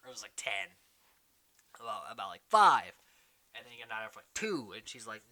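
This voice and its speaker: A man hosting a casual recap, chatting quickly and mimicking the people he quotes. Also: mid-range voice, animated, pushed and bright. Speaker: podcast host recapping a reality show.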